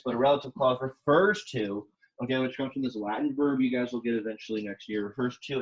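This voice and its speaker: Man, young adult, Latin teacher, classroom lecture, mid-pitched, casual and chatty. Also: rough recording.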